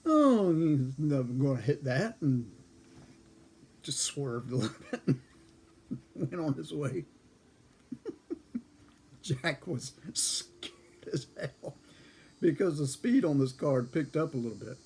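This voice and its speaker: A man's voice: mid-range voice, takes it slowly, long pauses, darkish tone, a little hiss or hum. An older man in his seventies casually telling a rambling personal story, chuckling often and correcting himself as he goes. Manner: chuckles often between lines.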